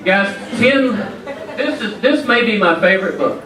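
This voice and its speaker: A man's voice: high voice, expressive, a little slow, sharp tone. Folksy man telling stories in a hall. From Southern US. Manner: folksy, joking, addresses the crowd directly. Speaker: featured event speaker. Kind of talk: storytelling speech to an audience. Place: large event hall indoors. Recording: echoey hall from far off.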